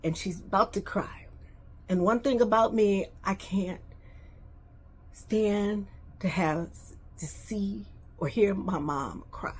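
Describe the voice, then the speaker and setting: A woman's voice: mid-range voice, takes it slowly, darkish tone, breathy edge. A middle-aged woman vlogger emphatically retelling a personal family story.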